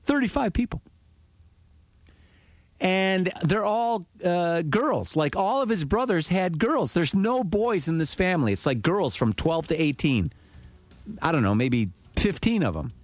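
A man's voice: high voice, unhurried, dry recording. A man telling a story in casual chat, swearing freely and acting out what people said. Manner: profane, animated, acts out quotes.

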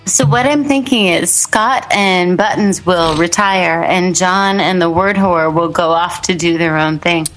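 A woman's voice: fairly low pitch, fairly even intonation, measured pace, few pauses, a bit bright, soft background music, rough recording. Playful woman guest, teasing. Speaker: podcast guest. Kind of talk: casual chat.

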